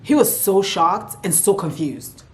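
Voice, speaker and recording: A woman's voice: mid-range voice, expressive, a little slow, a little hiss or hum. A young woman telling a candid, emotional personal story in a casual vlog, swearing now and then. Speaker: vlogger.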